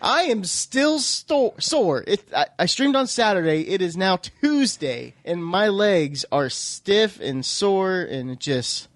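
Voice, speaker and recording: A man co-hosts a podcast in relaxed, jokey conversation. His voice sits a little high and bounces around a lot as he pokes fun at himself and laughs. The sound is dry and close. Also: slow pace, few pauses, no room sound. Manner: animated, self-mocking storyteller who laughs often. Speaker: podcast co-host. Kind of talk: casual podcast chat.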